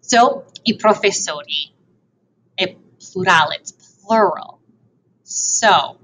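A woman's voice: on the low side, takes it slowly, fairly bright tone, slight background noise, low-quality recording. A woman teaching a language lesson over slides. She mixes Italian and English, repeats and translates each form, and adds playful asides.

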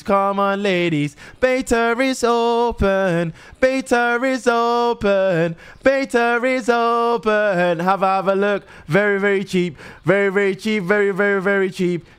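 A man's voice: on the high side, clean tone, lightly acted. A young man playing a friendly shopkeeper who calls out prices and serves customers. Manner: brisk, friendly shop-worker patter. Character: cheery male shopkeeper touting and serving at a till.

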